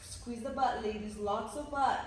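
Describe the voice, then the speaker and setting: A woman's voice: a little high, a little slow, a little hiss or hum. A woman leading a pilates class, coaching energetically and counting reps, at times out of breath. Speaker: pilates instructor. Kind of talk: guiding a workout class. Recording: roomy echo from a distance.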